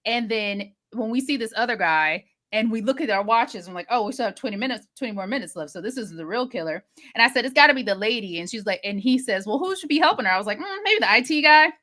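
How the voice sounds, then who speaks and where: A woman co-hosting a podcast, recapping a movie in casual chat with expressive, exasperated asides. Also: on the high side, fast talker. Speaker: podcast co-host.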